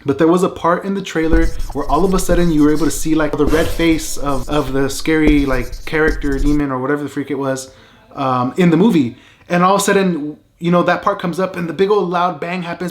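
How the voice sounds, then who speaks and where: Male vlogger, storytime; fairly high pitch, animated and emphatic, leans on fillers. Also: fairly quick. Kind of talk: casual storytelling.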